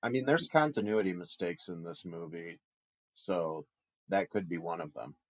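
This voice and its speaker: A man's voice: deep voice, lively intonation, moderate pace, no room sound. A man co-hosting a podcast, giving a wry, laughing critique of a film in casual chat. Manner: wry, laughs through his complaints. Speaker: podcast co-host. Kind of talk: casual movie review chat.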